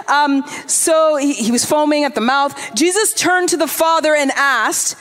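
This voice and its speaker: High-pitched lady pastor preaching, lively, does little voices for the bible bits, quick asides. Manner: animated, acts out the Bible dialogue in voices; quick asides, self-interrupting. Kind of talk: sermon.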